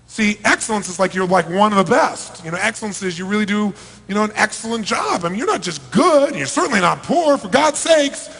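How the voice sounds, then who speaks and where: Emphatic man, fairly high voice, big hall. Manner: emphatic, rhetorical questions to the crowd, big swings in loudness. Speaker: motivational speaker. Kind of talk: live seminar talk to a big audience. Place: large event hall. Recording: reverberant large hall.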